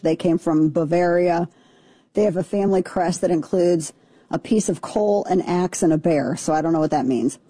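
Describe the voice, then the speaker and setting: A woman's voice: on the low side, mellow, slightly rough, dry recording. A woman in her forties, co-hosting a casual on-air chat, telling stories with self-mocking asides. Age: 40s. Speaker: radio show co-host.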